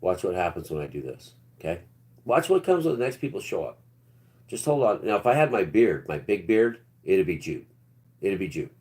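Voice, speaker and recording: Deep-voiced man in his fifties rambling to live chat. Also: big pitch swings, normal speed, darkish tone. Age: 50s. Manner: rambling, talks straight to chat, trails off into low mutters. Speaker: livestream host.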